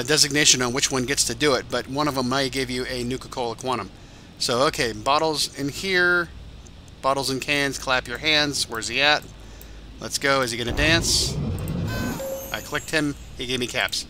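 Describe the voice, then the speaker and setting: A man hosting a let's-play, chatting casually as he plays, rambling and swearing now and then, a little tired. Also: medium pitch. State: tired, yawning. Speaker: game channel host.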